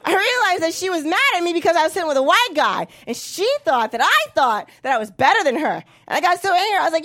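A woman in her thirties doing a stand-up set with a high voice. She delivers her bits bluntly and with plenty of profanity, and she lands her lines with punch. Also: lively intonation, fast talker, hardly any pauses, fairly bright tone. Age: 30s. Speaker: stand-up comedian.

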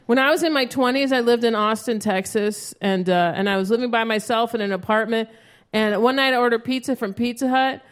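High-voiced woman doing stand-up. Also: fairly quick, clear, resonant tone. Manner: animated storytelling, acts out her own yelling. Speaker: stand-up comedian. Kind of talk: stand-up comedy set. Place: live comedy stage with an audience. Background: audience laughter.

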